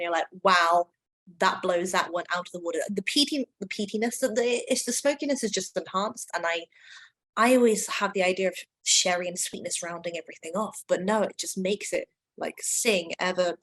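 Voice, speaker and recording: Gushing, lively-talking woman. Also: on the low side, a little fast, low-quality recording. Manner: enthusiastic, gushing, many fillers. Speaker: whisky brand ambassador. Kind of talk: casual online tasting chat.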